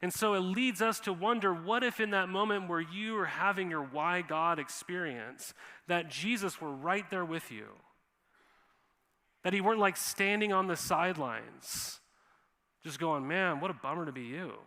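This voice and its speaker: A man preaching in a church, his bright and forceful voice sitting a little high for a man. He talks casually and animatedly, slipping into quoted voices. A long reverb from the hall trails behind his words. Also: a little slow. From Montana. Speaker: pastor. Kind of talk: sermon. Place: church sanctuary.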